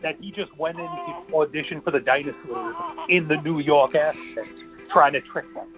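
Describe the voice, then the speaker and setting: A man's voice: on the high side, moderate pace, lo-fi sound, music in the background. A man co-hosting a call-in talk show over a remote call, telling rambling anecdotes full of restarts. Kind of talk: casual chat over a video call. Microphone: remote call mic.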